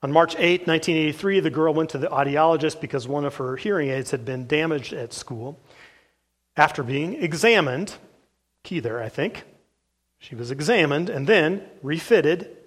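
A man preaching a sermon as pastor, reading case accounts aloud from a book in an earnest, steady way with the odd "uh". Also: fairly high pitch, normal speed.

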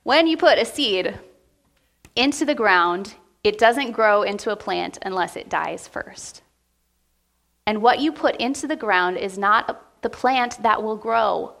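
A woman pastor preaching a heartfelt sermon to her church, speaking with emotion and deliberate pauses. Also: medium pitch, animated, creaky, a bit bright. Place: church sanctuary.

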